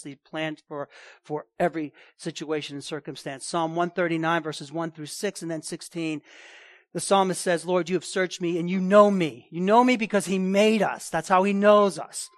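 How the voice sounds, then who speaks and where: A man preaching a sermon, emphatic, repeating key phrases and swinging between loud and hushed delivery. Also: on the high side, no echo, studio quality. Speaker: pastor.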